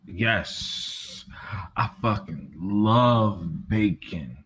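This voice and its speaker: A man's voice: fairly low pitch, lively intonation, drawn-out words, fairly bright tone, husky. A man in casual chat, blunt and swearing freely.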